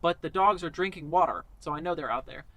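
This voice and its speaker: A young man telling a story casually to camera, animated, with lots of fillers and quoted dialogue. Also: fairly high pitch, fast, no room sound. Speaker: vlogger.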